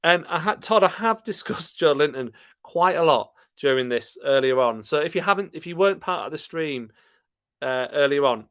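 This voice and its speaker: A man with a Yorkshire accent hosting a casual live stream, chatting relaxed and laughing often as he answers comments. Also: a little high, normal speed, smooth, dry recording, clean studio sound. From Yorkshire, England.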